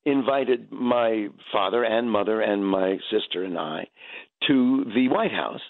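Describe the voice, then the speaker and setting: A man's voice: lowish voice, unhurried, creaky. A man in his seventies, a stage actor, talking reflectively in an interview and often restarting his sentences. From United States. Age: 70s. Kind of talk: interview over the phone. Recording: tinny phone line.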